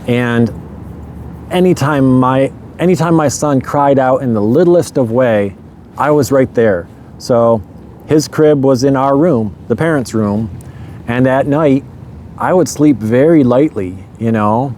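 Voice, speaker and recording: A man's voice: mid-range voice, measured pace, darkish tone. Reflective young man, faint street noise. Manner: candid and reflective, with frequent "you know" and nervous laughs. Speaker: storyteller sharing his life story. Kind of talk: casual spoken memoir.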